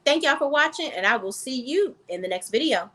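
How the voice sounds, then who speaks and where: In a casual vlog reviewing reality TV, a woman speaks bluntly and profanely, calling her viewers "sis" and "y'all" as she talks straight to them. Her voice is high, expressive, a little fast, and pushed and bright.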